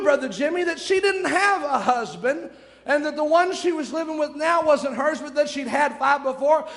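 A man's voice: extremely high pitch, a bit bright, in a large hall. A man preaching a sermon in a church, fervent and repetitive, firing off rhetorical questions.

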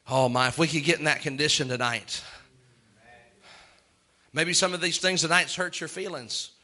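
A man preaching a sermon, chanting long lists in a slow rhythmic litany and chuckling between points. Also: a little high, pushed and bright.

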